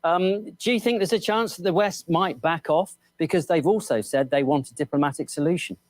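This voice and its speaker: A news interviewer putting steady, probing questions to a guest. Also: mid-range voice, fairly quick, dry recording.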